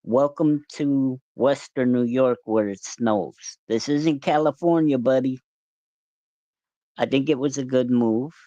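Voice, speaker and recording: A man hosting a casual livestream, relaxed and rambling, greeting viewers by name as they join. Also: mid-range voice, takes it slowly, dry recording. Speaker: livestream host. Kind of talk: casual live-stream chat. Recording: dull, lo-fi, dry sound.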